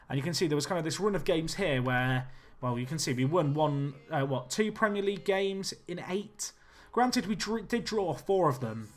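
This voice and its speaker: Young streamer, animated casual commentary, a touch high-pitched, soft music underneath. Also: male voice. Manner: chatty, animated, reacts to chat.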